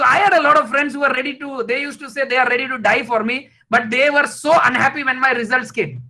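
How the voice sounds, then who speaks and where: A man giving an emotional, rhetorical motivational talk full of halting restarts. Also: extremely high pitch, fairly even intonation, pushed and bright, low-quality recording. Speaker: invited speaker.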